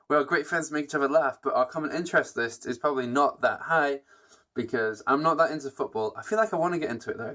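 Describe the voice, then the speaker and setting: A man's voice: medium pitch, fairly bright tone. A young man vlogging to his camera in a rambling, reflective way, with many fillers and restarts. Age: young adult. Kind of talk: casual talk to camera.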